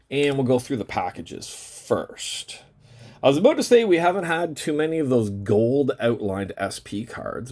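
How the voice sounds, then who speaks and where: Husky man chatting over a card break. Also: medium pitch, darkish tone. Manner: draws out the ends of phrases; rambling, chatty, swears casually. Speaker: card-opening channel host. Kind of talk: casual chat while opening trading cards.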